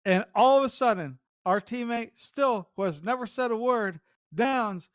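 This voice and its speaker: A man's voice: very high voice, a little slow, no echo, clean studio sound. A young man co-hosting a podcast, telling a gaming story casually with lots of swearing and filler words. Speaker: podcast co-host.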